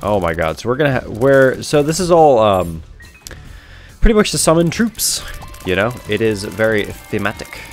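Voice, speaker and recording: A man's voice: lowish voice, big pitch swings, normal speed, faint music behind. A young man casually commenting on his own gameplay, rambling, correcting himself and laughing often, on a headset mic. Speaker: gaming video host.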